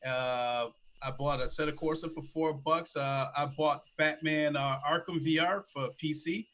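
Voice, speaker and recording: Excitable male co-host, slightly higher voice, rambling casual chat. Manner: excitable, rambling, quickens when enthused.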